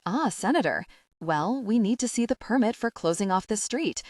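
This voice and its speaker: A woman's voice: mid-range voice, animated, normal speed, no echo, studio quality, far from the mic, lightly acted. A woman voicing a male police officer in an audiobook, stiff and deferential.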